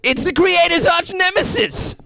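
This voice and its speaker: A man voicing a grandiose, theatrical arch-nemesis character in a loud, hammy voice. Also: normal speed, vocal fry, no echo, heavily acted. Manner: booming, hammy, shouted.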